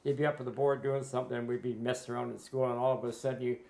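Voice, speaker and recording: A man's voice: mid-range voice, little pitch movement, racing, creaky, darkish tone. A man from Canada, reminiscing in a rambling, casual way with frequent restarts. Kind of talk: casual conversation. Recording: roomy echo.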